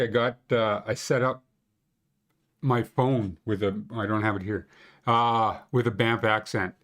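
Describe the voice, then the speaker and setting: A man's voice: mid-range voice, fairly bright tone. A man hosting a casual live stream about local ski conditions, chatting with viewers in a rambling, joking way with lots of fillers. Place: Banff area.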